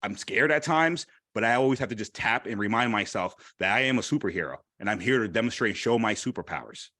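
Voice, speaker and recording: A man speaking candidly at a live event, animated and repeating phrases for emphasis. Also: fairly low pitch, fast talker, dry recording, clean studio sound. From Haitian heritage. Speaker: panel speaker. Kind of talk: candid personal talk.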